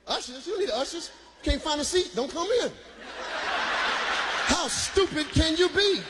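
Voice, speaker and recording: A man from Michigan doing stand-up comedy, loud and shouting his punchlines while laughing through the bits. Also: extremely high pitch, noisy background.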